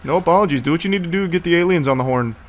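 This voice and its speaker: A man's voice: a little high, rapid-fire, a little hiss or hum. A man doing casual reaction commentary in sarcastic, profane, mocking banter. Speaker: commentary host.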